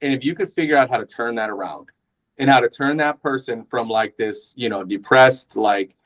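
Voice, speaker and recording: A man's voice: medium pitch, normal speed, a bit bright, poor audio. A man giving an informal sales training talk, conversational, often checking in with "right?" and restarting his sentences. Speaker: real estate sales trainer.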